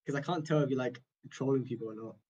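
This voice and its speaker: A man's voice: mid-range voice, fast talker, warm tone. A man in casual voice-chat banter, blunt and mocking. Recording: muffled lo-fi voice chat.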